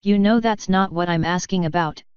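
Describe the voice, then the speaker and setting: A woman's voice: on the low side, moderate pace, smooth, no room sound, lo-fi sound, lightly acted. A woman reading an angry young unicorn mare. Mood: defiant. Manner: tense, defiant, emphatic. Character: young female unicorn scholar, angry and defiant.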